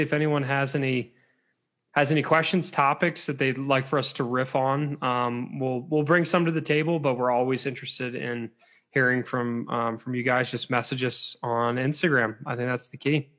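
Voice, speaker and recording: A man's voice: medium pitch, steady tone, moderate pace, fairly bright tone. A man co-hosting a podcast, rambling and laughing often in good-humored casual chat while plugging his coaching courses. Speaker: podcast co-host and fitness coach.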